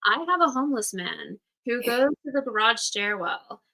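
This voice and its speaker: Her voice sits on the high side, animated, pushed and bright, at normal speed, captured in low-quality audio. A Utah woman in her thirties, she hosts a casual astrology class on livestream, talking frankly and chattily, swearing, and voicing the people she quotes.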